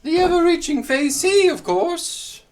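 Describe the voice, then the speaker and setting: A game master voicing a forgetful, whiskey-loving male balloonist in the fey realm, rambling with hard breathy H sounds and much dithering. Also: very high voice, expressive, unhurried. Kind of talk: voicing a character in a tabletop game.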